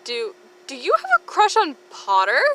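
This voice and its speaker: A woman doing a high-strung schoolgirl, very high pitch, panicky. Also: big pitch swings, normal speed, a bit bright. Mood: prying. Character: anxious teenage schoolgirl, gossipy.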